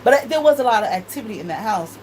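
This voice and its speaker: A woman's voice: fairly high pitch, lively intonation, rapid-fire, background noise. Laughing, profane storyteller woman. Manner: profane, laughs often, quotes others in voices. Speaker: tarot reader and channel host. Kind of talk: casual storytelling monologue.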